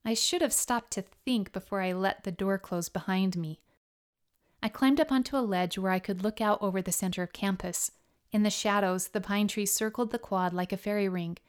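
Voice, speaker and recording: A woman narrating her memoir as an audiobook, in a reflective, steady storytelling manner. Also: mid-range voice, moderate pace, clear, resonant tone.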